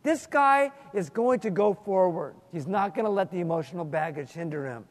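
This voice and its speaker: High-voiced preacher in a reverberant hall. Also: male voice, expressive, moderate pace. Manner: earnest, storytelling, repeats words while thinking. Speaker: Bible teacher. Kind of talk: Bible teaching with prayer and stories.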